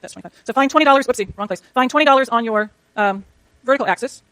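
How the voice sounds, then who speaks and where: Rapid high-voiced woman lecturer. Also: a bit bright, no room sound. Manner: rapid, chatty, self-talk while working slides. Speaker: economics lecturer. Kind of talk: university lecture with clicker questions. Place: lecture hall.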